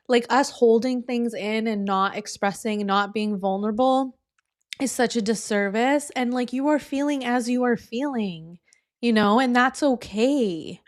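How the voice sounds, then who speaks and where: A woman co-hosting a podcast, gently reassuring her friend in a casual chat. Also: fairly high pitch. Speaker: podcast co-host.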